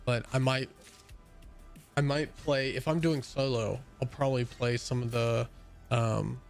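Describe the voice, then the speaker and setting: A man's voice: mid-range voice, steady tone, a little slow, gravelly, faint music behind. A young man streaming a game, chatting casually and rambling with lots of fillers and restarts, sounding a bit tired. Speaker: gaming streamer. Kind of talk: casual chat while playing a game.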